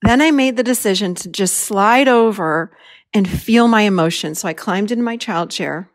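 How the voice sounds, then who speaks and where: A woman's voice: medium pitch, moderate pace, no room sound, studio quality. A middle-aged woman hosting a podcast, telling a personal story as a lesson and acting out her own past lines with animation. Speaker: podcast host and therapist.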